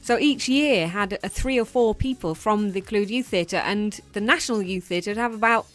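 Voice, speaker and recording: A woman's voice: mid-range voice, normal speed, faint music behind. A woman from North Wales, a former actress, chatting as a guest on a radio show and often agreeing with short replies. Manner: warm agreeing backchannel, brief replies. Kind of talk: casual radio interview chat. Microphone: studio microphone.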